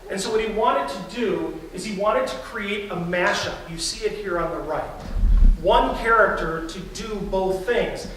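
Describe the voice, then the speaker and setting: Pastor preaching in an echoey church. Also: male voice, high-pitched, unhurried, noisy background. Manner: conversational storytelling preaching. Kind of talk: sermon. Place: church sanctuary. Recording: very echoey church, distant mic.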